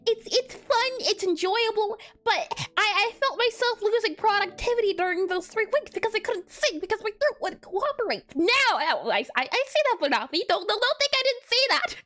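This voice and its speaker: A woman's voice: very high-pitched, animated, moderate pace, hardly any pauses, a bit bright. A woman game developer chatting casually on a livestream, bubbly, with frequent stammered restarts and giggles. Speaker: game developer streaming her work.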